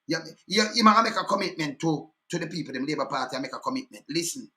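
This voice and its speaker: Bright-voiced, scornful Jamaican man. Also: a little high, lively intonation, fast talker. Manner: scornful, rhetorical, keeps replaying clips. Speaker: commentator. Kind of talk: heated political commentary.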